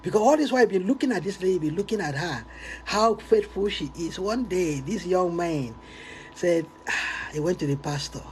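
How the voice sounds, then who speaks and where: A male preacher tells a story with animated, laughing energy. His voice sits high and swings widely. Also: moderate pace, a little hiss or hum, low-quality recording. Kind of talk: storytelling sermon.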